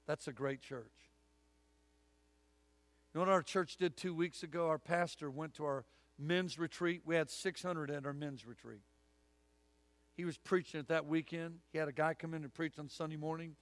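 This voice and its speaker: Folksy preacher, higher voice. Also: male voice, steady tone, moderate pace, long pauses, no echo. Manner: folksy, storytelling, punchy emphatic lines. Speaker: guest preacher. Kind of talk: sermon with altar call. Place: church sanctuary.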